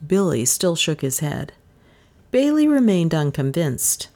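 A woman's voice: low voice, big pitch swings, unhurried, darkish tone. A woman narrating an audiobook with dramatic, suspenseful expression.

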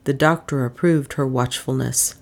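Low-voiced woman narrating a novel. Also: fairly even intonation, moderate pace, gravelly. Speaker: audiobook narrator.

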